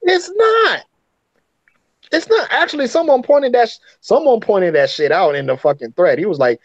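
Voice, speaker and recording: A man's voice: very high-pitched, animated, normal speed, dry recording, soft background music. A man from Africa co-hosting a podcast, talking in blunt, profane, opinionated casual chat. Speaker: podcast co-host. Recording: muffled with faint noise.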